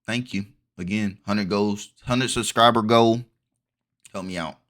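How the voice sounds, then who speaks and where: A man's voice: fairly low pitch, steady tone, measured pace, a bit bright. A young man in a heated, repetitive commentary rant for his vlog, restarting his sentences often. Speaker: vlogger.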